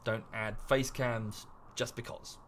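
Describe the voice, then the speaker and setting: Slow and fairly even in intonation, a young British man's mid-range, fairly bright voice comes through with slight background noise. A streamer and YouTuber, he rants casually and rambles, correcting himself, during a live gaming stream.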